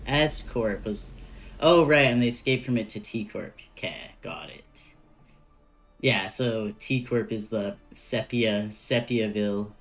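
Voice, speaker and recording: A man's voice: fairly low pitch, measured pace, soft background music. A man with a North American accent, streaming a game in casual, slangy commentary and laughing often. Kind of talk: casual live-stream commentary while reading.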